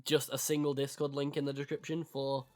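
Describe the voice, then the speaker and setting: A man's voice: mid-range voice, a little fast. A young man with a congested, ill voice, co-hosting a casual podcast with jokey storytelling. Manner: joking, animated storytelling. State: congested from illness. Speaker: podcast co-host. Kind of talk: casual chat.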